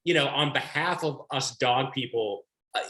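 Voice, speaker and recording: A mid-range, bright and forceful voice at normal speed comes from a man hosting an author talk by video call. He poses interview questions ramblingly, with lots of restarts, in a recording with roomy echo.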